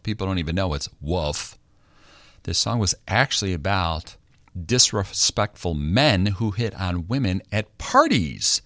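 A man's voice: low voice, big pitch swings, measured pace, fairly bright tone, dry recording, clean studio sound. A middle-aged man hosting a chart countdown, chatting playfully like a radio DJ. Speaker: radio DJ host.

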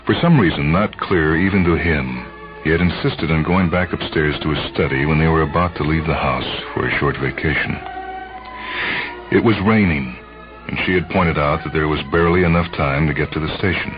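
A man narrating a story in a measured, brooding way. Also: a bass voice. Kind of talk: dramatic audiobook narration. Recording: muffled lo-fi recording, faint music.

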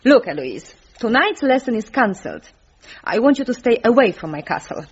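A woman's voice: fairly high pitch, sing-song, normal speed, husky. A woman voicing a tall, scheming, glamorous woman, talking in a sly, arch way. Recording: dull lo-fi sound.

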